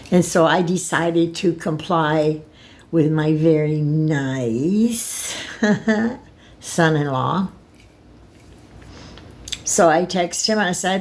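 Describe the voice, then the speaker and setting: An older woman tells a personal story to her camera in a slow, drawn-out way. Her voice sits a little low, and she rambles, restarting and circling back as her feelings rise. The talk is unscripted and emotional. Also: a little mellow. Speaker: vlogger.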